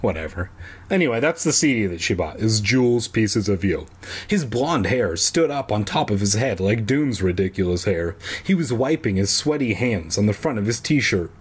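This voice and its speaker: A man's voice: lowish voice, expressive, moderate pace, slightly rough. A man from San Diego casually reading a kids' book aloud, with jokey asides and offhand swearing. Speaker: reader.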